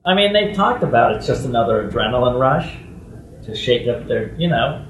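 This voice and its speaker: A man guesting on an interview, telling stories casually and acting out other people's voices with big jumps in pitch. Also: very animated, moderate pace, recorded from a distance, a little hiss or hum. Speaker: guest actor. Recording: echoey room, off-mic with faint ambience.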